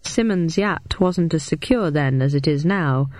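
A woman voicing a sinister undead male janitor who speaks in a slow, drawling, menacing way. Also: sits low, a little mellow, no echo. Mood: sly.

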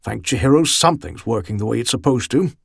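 A man's voice: mid-range voice, animated, fast talker, creaky, breathy edge, no echo, studio quality. A man voicing a harsh, tense male commander in an audiobook, clipped and short. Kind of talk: audiobook character reading.

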